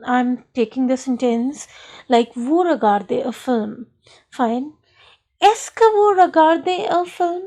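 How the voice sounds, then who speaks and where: A woman's voice: high-pitched, a little mellow. A woman teaching a recorded school French lesson, explaining patiently and saying "fine" often.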